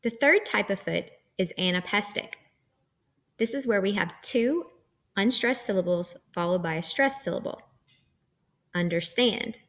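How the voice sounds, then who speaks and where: A woman's voice: medium pitch, lively intonation, normal speed, a bit bright. A woman teacher giving a recorded lecture, explaining terms patiently step by step.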